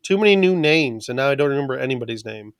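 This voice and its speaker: A man's voice: medium pitch, lively intonation, fast talker, smooth, no room sound, studio quality. A man co-hosting a podcast in casual chat, sarcastic and teasing, laughing at his own jokes. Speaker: podcast co-host.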